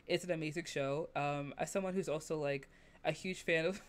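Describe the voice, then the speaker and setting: A woman hosting a podcast, chatting casually, laughing often and acting out quotes in lively asides. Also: low-pitched, brisk. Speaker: podcast host.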